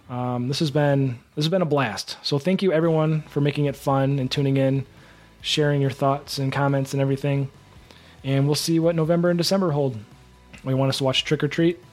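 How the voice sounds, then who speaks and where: Rambling, chatty man hosting a podcast. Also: medium pitch. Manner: rambling, self-correcting, chatty. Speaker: podcast host. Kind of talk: casual solo podcast recap.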